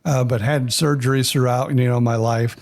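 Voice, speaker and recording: A man's voice: medium pitch, steady tone, normal speed, gravelly, darkish tone. A man who hosts a podcast and is himself a transplant recipient, asking questions in a rambling way and restarting his sentences. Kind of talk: conversational interview.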